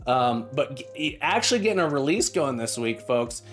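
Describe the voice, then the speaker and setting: A man's voice: mid-range voice, big pitch swings, moderate pace, a bit bright. A man chatting casually on a live coding stream, upbeat and rambling as he greets and answers his viewers. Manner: chatty and upbeat, reads and welcomes chat viewers; rambling, with many restarts. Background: faint background music.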